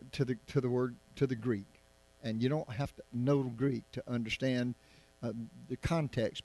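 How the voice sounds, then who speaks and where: A male pastor teaches verse by verse, talking to his congregation as if chatting and tossing them rhetorical questions. His voice sits somewhat high and rises sharply on the words he stresses. The recording is dry, with almost no room sound. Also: a little mellow, no room sound. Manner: conversational, asks listeners rhetorical questions. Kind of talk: Bible-study sermon.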